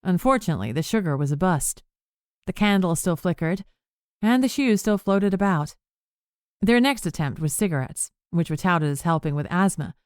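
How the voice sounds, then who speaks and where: A woman narrating a cozy mystery audiobook in an even, measured way. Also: on the low side, no room sound, studio quality. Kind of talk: scripted narration.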